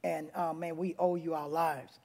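A man preaching his testimony to a congregation in a church, with a rough, abrupt delivery that bursts into loud, excited passages. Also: fairly high pitch, a little slow. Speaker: guest preacher. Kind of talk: testimony sermon. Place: church sanctuary before a congregation.

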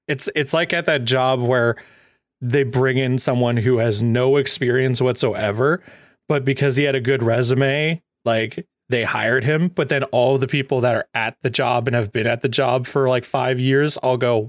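Male podcast co-host, playful and laughing a lot, mid pitch, dry close mic. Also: steady tone, moderate pace, dry recording. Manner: laughs often, rambling and playful. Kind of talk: casual chat.

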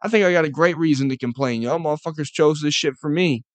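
A man's voice: a little high, fast, no echo. A man, ranting and rambling with lots of swearing in a casual solo podcast. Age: 20s. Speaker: podcast host. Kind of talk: casual monologue.

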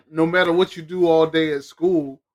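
A man's voice: a little high, fairly even intonation, takes it slowly. A man hosting a podcast, chatting casually, joking and laughing often; English is not his first language. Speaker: podcast host. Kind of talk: casual interview chat.

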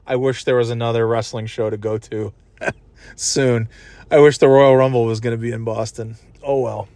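Man, casual vlog rant, swears constantly, goofy sound effects, mid pitch, dry. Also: level tone, moderate pace, darkish tone, dry recording. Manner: profane, rambling, laughs often. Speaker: vlogger. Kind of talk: casual rambling chat. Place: just left a wrestling event in a city.

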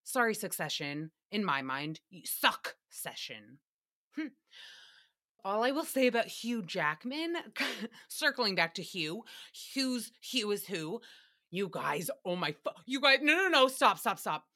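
A young adult woman hosting a casual recap podcast, talking in an animated, playful way and slipping into silly voices. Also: medium pitch, measured pace. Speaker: podcast host.

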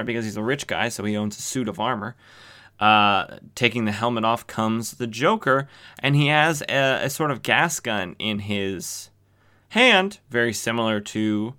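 A man recapping a vintage comic in loose, casual chat. He jokes and needles the story, his low voice carrying a bright, forceful edge. His talk is full of fillers and asides. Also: clear, resonant tone. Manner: joking and sarcastic, with frequent fillers. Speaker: comic book podcast host.

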